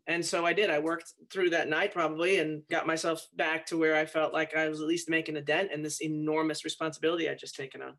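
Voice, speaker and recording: Woman, head coach, guest; animated, acts out dialogue. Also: low voice, a little fast, few pauses. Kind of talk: interview storytelling.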